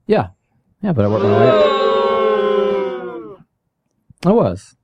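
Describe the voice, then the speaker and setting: A man's voice: high voice, sing-song, very slow, muffled recording, noisy background. A man chatting casually and telling a story from his working past. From California. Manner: storytelling, puts on voices when quoting people. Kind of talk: casual chat.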